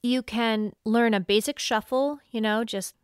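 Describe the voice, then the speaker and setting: A woman's voice: fairly high pitch, fairly even intonation, measured pace, smooth, dry recording, clean studio sound. A woman teaching fiddle on a podcast in a friendly way, laughing often and singing bowing rhythms aloud. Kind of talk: instructional podcast talk.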